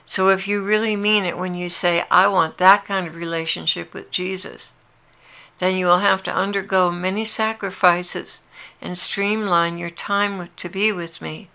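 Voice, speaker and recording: A woman's voice: fairly low pitch, steady tone, normal speed, clean tone. A woman voicing a tender, pleading Jesus. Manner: earnest, intimate, gently pleading. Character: tender, longing adult male Jesus addressing his brides. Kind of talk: devotional prophetic dialogue.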